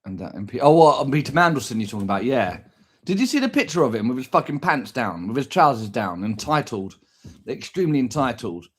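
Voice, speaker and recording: A man's voice: mid-range voice, very animated, a little fast, husky. A man talking in a casual vlog, crude and exaggerated, swearing constantly. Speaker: vlogger. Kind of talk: casual rant and food vlog.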